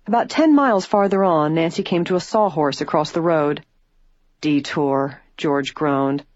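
A woman giving steady, scripted narration of a storybook. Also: sits low, normal speed, no echo. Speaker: audiobook narrator. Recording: dull lo-fi recording, faint music.

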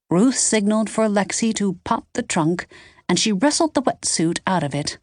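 A woman narrating a mystery audiobook in a measured storytelling manner. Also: medium pitch, animated, no room sound, studio quality. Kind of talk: scripted narration.

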